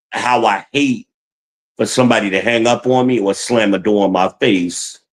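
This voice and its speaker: Slow, heated man ranting on a stream. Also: mid-range voice, fairly bright tone, low-quality recording. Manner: blunt, heated, profane, talks to chat. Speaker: streamer giving relationship advice. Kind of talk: livestream rant.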